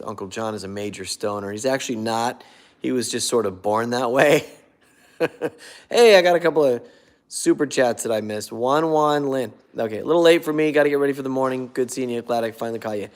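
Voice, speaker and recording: A man's voice: medium pitch, a little fast. A man hosting a casual live stream on his phone, chatting and reading viewer comments aloud. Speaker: prank video host.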